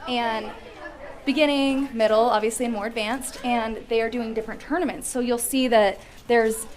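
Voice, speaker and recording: A woman on a school's staff, with a slightly high voice, walks a visitor through classrooms explaining what students are doing. Her tone is plain and informative. Faint sounds of children drift in behind her. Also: fairly even intonation, moderate pace, some chatter behind. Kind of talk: explaining a school program on a walking tour.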